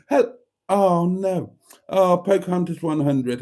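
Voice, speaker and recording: A middle-aged man hosts a relaxed livestream, reading viewer comments and often dissolving into giggles. He talks at an unhurried pace in a warm, mellow voice. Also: on the high side. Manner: giggly, keeps breaking into laughter. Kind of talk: casual live chat.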